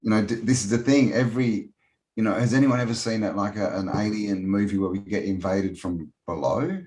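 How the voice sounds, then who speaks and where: A man in casual chat, relaxed, mostly giving short replies and interjections. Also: on the low side, brisk, low-quality recording.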